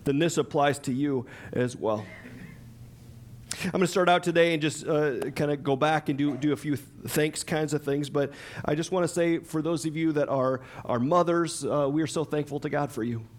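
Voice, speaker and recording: A man's voice: fairly high pitch, normal speed. A man preaching a sermon in a conversational, chatty way, with lots of fillers, restarts and laughter. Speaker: pastor.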